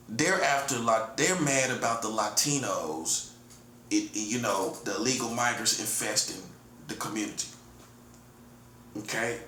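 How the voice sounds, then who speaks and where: In a bright, forceful mid-range voice, a man in his forties styling himself a prophet streamer delivers a solo monologue. He's defiant and taunting, repeating "listen, buddy" and chuckling between points. The room echoes, with faint background noise.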